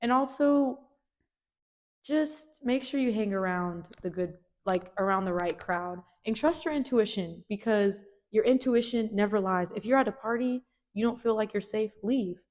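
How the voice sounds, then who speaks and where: A woman in her twenties hosting a podcast, talking earnestly and warmly with friends, full of "like" and "you know". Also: mid-range voice, moderate pace. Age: 20s. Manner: earnest, heartfelt, lots of "like". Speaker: podcast host. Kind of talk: casual chat.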